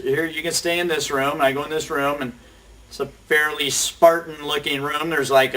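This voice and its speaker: A man's voice: medium pitch, fairly bright tone, far from the mic. A middle-aged man casually telling a rambling, self-deprecating story as host of a recovery show. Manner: rambling, self-deprecating, quotes people in quick asides.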